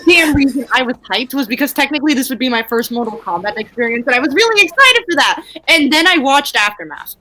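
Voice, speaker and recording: A woman's voice: sits high, lively intonation, fast talker, few pauses, sharp tone. A woman chatting casually while drawing, venting with lots of profanity.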